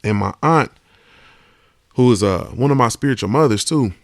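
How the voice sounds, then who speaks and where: Gravelly man ranting on a podcast. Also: mid-range voice, expressive, moderate pace, no echo, clean studio sound. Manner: emphatic, profane, keeps asking "you understand what I'm saying". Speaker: podcast host. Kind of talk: casual podcast monologue.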